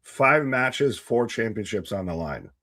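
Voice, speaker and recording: A man's voice: on the low side, sing-song, a little slow, dry recording, clean studio sound. A man co-hosting a casual live wrestling stream, joking and reading out viewers' names from the chat. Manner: jokey, reads out chat names and shout-outs. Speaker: co-host of a live wrestling watch-along stream.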